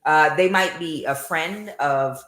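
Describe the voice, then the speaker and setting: A woman's voice: deep voice, takes it slowly, a bit bright, reverberant. A woman giving a casual tarot reading, mocking and scolding, with many filler uhs. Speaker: tarot reader.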